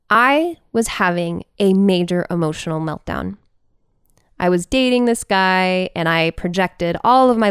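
Woman podcast host, personal storytelling, smooth clear voice, expressive pitch swings, dry close sound. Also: dry recording. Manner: animated and expressive, with wide swings in pitch and pace.

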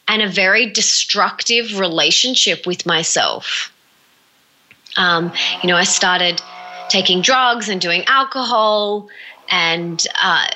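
A woman's voice: medium pitch, sharp tone, poor audio. A woman being interviewed as a motivational speaker, talking earnestly and with emphatic repetition. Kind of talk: heartfelt motivational talk.

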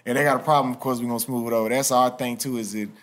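A man, a guest on a podcast, telling stories in a relaxed, slangy way. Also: medium pitch, rapid-fire. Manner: laid-back storytelling with slang. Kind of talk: casual interview chat.

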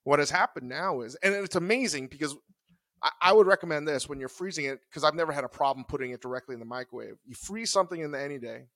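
A man's voice: fairly high pitch, fast, fairly bright tone, dry recording. A man co-hosting a podcast, talking in a loose, rambling, conversational way. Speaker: podcast co-host. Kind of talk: casual chat.

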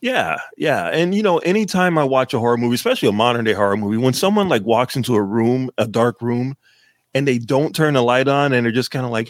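A man's voice: medium pitch, no room sound. Casting: man, podcast co-host from Massachusetts, casual rambling review style, dry close mic. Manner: rambling, frequent fillers and profanity. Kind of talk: casual movie review chat.

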